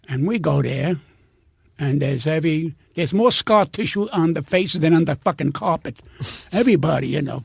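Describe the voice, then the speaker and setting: Older male comic, raspy high voice, dry close sound, animated profane storyteller. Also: moderate pace, no echo. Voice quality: gravelly, husky. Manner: profane, animated storyteller who acts out every quote. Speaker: comedian guest. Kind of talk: storytelling anecdotes.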